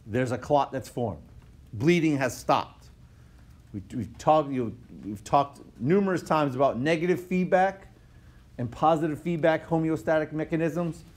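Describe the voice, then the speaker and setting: Recorded on a tablet mic, this whiteboard lecture comes from a man whose voice is on the high side with a darkish tone and a measured pace. He teaches conversationally, repeatedly asking "okay?" and fixing his wording partway through phrases.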